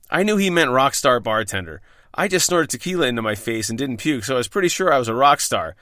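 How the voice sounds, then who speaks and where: A man's voice: mid-range voice, lively intonation, quick pace, sharp tone, no echo, studio quality. A man reading out his own bar stories, wry, profane and self-deprecating. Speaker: podcast host telling his own bartending stories. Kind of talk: scripted first-person storytelling.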